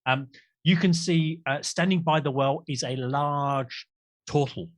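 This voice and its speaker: A man's voice: on the high side, measured pace. A man narrating a tabletop game as game master, rambling and correcting himself as he goes. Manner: rambling, self-correcting, jokey.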